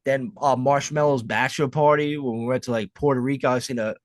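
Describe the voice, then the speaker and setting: A man's voice: medium pitch, fairly even intonation, a little fast, no room sound, studio quality. A man co-hosting a podcast, reminiscing in a rambling, profane, casual way full of fillers. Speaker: podcast co-host. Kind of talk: casual chat.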